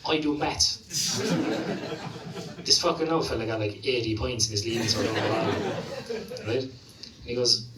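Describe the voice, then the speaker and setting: Working a comedy club stage, the Irish stand-up with the Limerick accent takes a measured pace, his mid-range voice wandering through foul-mouthed stories full of "like" and "you know." The mic is far away, the room sounds roomy, and the noise is heavy.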